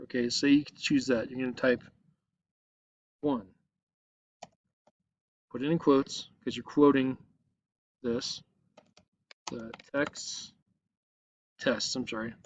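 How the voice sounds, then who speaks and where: Speaking slowly and pausing often, a man at his computer narrates a screen-recorded online lesson, patiently explaining each step and asking his students "okay?" again and again. His medium-pitched voice stays fairly even. The audio is dull and carries no room sound.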